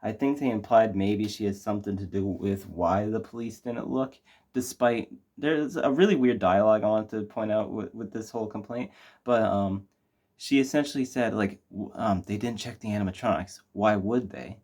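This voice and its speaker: Low, mellow-voiced young man rambling. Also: moderate pace. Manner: rambling, many fillers and restarts. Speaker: co-host reviewing a movie. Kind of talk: casual review chat.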